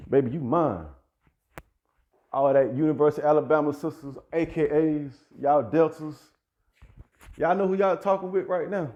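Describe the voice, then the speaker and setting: A man's voice: fairly high pitch, a little mellow, dull audio. Heated man ranting straight to listeners. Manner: loose, heated street talk, addresses listeners directly. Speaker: app business owner. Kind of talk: direct-to-camera rant.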